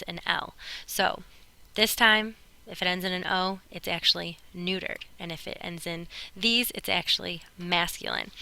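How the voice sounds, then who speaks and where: Woman teacher doing a recorded lesson, bright clear voice, patient, tells kids what to write down. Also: fairly low pitch, rough recording. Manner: clear, patient explaining to students. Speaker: Spanish teacher.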